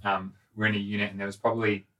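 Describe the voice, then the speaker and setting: A man with a low voice who talks fast in a casual chat. His storytelling is laid-back and full of easy slang. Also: little pitch movement, pushed and bright.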